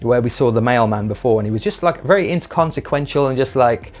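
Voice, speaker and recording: A man's voice: mid-range voice, expressive, quick pace, faint music behind. A man giving a chatty, enthusiastic spoken review, swearing casually and briefly acting out lines in put-on voices. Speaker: video reviewer.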